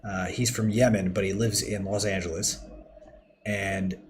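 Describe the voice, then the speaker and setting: A man's voice: deep voice, steady tone, measured pace, background noise. A man chatting casually through a game livestream, rambling and talking to his chat as he builds. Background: keyboard typing and mouse clicks.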